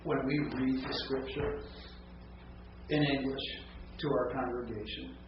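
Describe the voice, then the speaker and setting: A man's voice: medium pitch, fairly even intonation, a little slow. A man in a class asking his teacher an earnest question. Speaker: student. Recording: echoey distant lo-fi classroom recording with hum.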